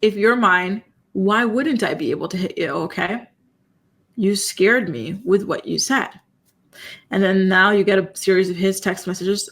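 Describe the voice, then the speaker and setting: A woman hosting a casual live-stream commentary, talking straight to her viewers. She sounds incredulous and animated, with frequent "you know" and "y'all". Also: mid-range voice, measured pace. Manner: incredulous, animated, reacts to chat. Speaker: commentary channel host.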